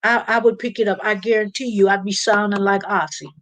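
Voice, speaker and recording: A woman's voice: medium pitch, fairly even intonation, brisk, fairly bright tone, low-quality recording. A woman hosting a casual live-stream chat, reading viewers' comments aloud and rambling along with plenty of fillers. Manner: chatty and rambling, with frequent fillers and restarts.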